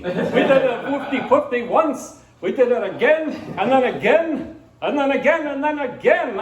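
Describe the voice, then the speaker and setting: A man's voice: very high voice, roomy sound, voice pushed up, rough recording. A man doing a boastful old Borscht Belt man. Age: older.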